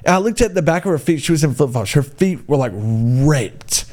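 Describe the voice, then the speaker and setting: A man tells a story in a casual, ranting way. He is blunt and excitable, and his pitch leaps around a lot. He keeps tossing in "dude" as he goes. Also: moderate pace.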